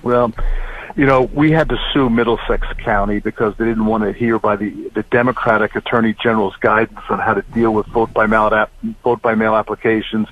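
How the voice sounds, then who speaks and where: A man's voice: lowish voice, a little fast. Upbeat middle-aged man on a tinny phone line. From New Jersey. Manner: energetic, upbeat campaign talk. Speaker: political candidate. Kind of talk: phone-in interview. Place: campaign event venue.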